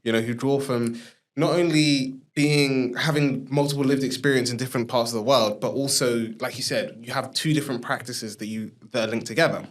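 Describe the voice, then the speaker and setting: A man's voice: medium pitch, steady tone, brisk. A man hosting a podcast in a casual interview, chatty and loose, with many filler words and encouraging murmurs. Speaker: podcast host.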